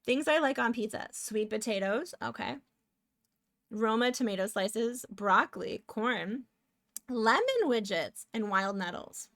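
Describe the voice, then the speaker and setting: A woman's voice: on the high side, measured pace, fairly bright tone. A woman from Canada, chatting casually with viewers while drawing, giggly and talking to herself as she works. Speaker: streamer.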